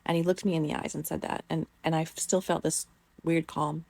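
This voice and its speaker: A woman's voice: low voice, flat delivery, brisk, vocal fry, a little mellow, no room sound. A middle-aged woman telling a personal story in a rambling, casual way, with many fillers and the odd swear word.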